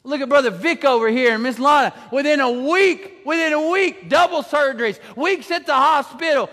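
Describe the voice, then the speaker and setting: A man preaching a sermon, animated, shouting some lines and drawing others out slowly. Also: very high voice, long reverb tail. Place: church sanctuary.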